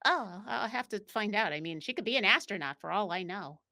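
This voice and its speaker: A woman's voice: medium pitch, lively intonation, brisk, bright, forceful tone. A woman from Buffalo, New York, talking as a guest in a casual interview, rambling with fillers and restarts. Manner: rambling, many fillers and restarts, laughs easily. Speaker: guest player.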